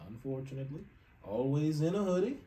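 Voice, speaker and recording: Guy cohost joking around, animated pitch, laughs mid-sentence, slight hiss. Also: brisk. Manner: joking, playful storytelling with laughs. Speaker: podcast co-host. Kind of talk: casual chat.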